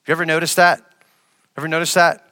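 A man preaching a sermon as pastor, asking the congregation questions and repeating phrases for emphasis, swinging from loud, raised lines to quiet, low ones. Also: level tone, fast, in a large hall. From West Africa.

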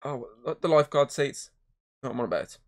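A man's voice: mid-range voice, expressive, a little fast. A man co-hosting a podcast, chatting casually, rambling and swearing as he retells movie scenes. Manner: rambling, swears a lot, acts out scenes in voices. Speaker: podcast co-host. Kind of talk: casual chat.

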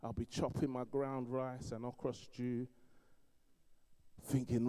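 Middle-aged London-accented man, animated preacher, mellow dark tone. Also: mid-range voice, a little slow. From East London. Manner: animated storytelling, swings between loud emphasis and quiet asides. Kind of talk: sermon.

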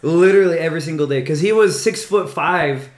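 A boisterous man who talks loud, a podcast guest telling stories in casual chat. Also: fairly high pitch, fairly quick, reverberant. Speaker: podcast guest, cage fighter.

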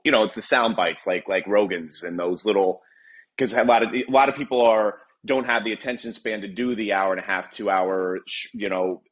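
A man's voice: fairly low pitch, fairly bright tone. A man hosting a casual podcast, asking long rambling questions and encouraging his guest. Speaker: podcast host.

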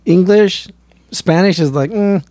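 A man's voice: sits high, measured pace, dark tone, no room sound. A man co-hosting a casual podcast chat, rambling and restarting his sentences. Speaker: podcast co-host.

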